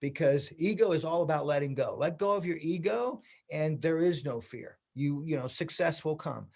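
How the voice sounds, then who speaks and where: A man in his sixties, a hairdressing educator, telling stories in a casual interview and acting out the quoted dialogue with lively energy. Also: a little high, moderate pace, gravelly. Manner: animated, acts out quoted dialogue.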